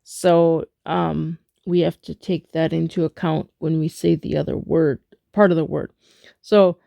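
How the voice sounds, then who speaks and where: A woman gives a spoken rhythm lesson, slow and halting as she chants rhythm syllables over and over. Her voice sits low with a gravelly fry. The room sounds dry and close. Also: fairly even intonation, no echo, muffled recording. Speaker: music teacher.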